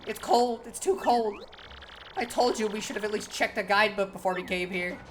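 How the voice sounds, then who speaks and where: A woman's voice: mid-range voice, fairly quick, slight background noise, pitched above the performer's own voice, lightly acted. A woman reading the lines of a complaining traveling sister in a light voice. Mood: whiny. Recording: game music behind.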